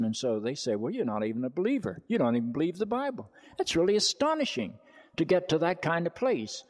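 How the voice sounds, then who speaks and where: A clergyman addressing an audience, answering questions in a forceful, emphatic manner and repeating key phrases for effect. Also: mid-range voice. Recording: long hall reverb.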